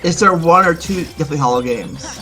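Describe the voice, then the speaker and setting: A man's voice: a little high, moderate pace, over music. A man joining as a guest on a let's play, chatting casually and filling his talk with "like". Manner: chatty, filler-heavy with many "like"s. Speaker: guest co-commentator. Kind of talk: casual chat over gameplay.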